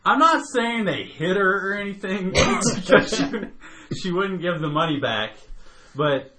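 A man's voice: high voice, big pitch swings, unhurried, pushed and bright, a little hiss or hum. A man telling a long story in casual chat, swearing freely and laughing as he goes. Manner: profane, laughs often while telling. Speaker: podcast co-host telling a story.

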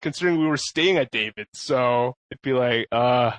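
A man's voice: mid-range voice, fairly quick, fairly bright tone, no echo. A man rambling through a laughing tale. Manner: rambling, laughs often, many fillers and restarts. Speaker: podcast co-host. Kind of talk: casual storytelling chat.

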